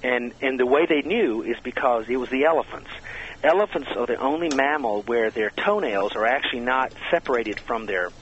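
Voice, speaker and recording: A man from Georgia, guest on a show, telling stories in a lively way over the phone, with many false starts. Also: medium pitch, normal speed, a little hiss or hum. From Georgia, USA. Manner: animated, lively storyteller with many restarts. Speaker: guest, sound effects expert. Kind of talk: interview chat. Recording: dull phone line.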